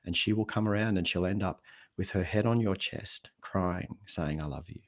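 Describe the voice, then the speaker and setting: A man's voice: low voice, normal speed. A man speaking as a guest on a podcast in casual conversation, telling stories and acting out what people say. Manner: animated storyteller, acts out quoted voices. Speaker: podcast guest, habits coach.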